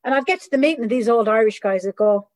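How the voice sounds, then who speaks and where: A woman's voice: on the high side, fast, poor audio. Candid middle-aged woman telling her story. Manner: candid, animated, acts out quoted voices. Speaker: recovery speaker. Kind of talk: personal testimony talk.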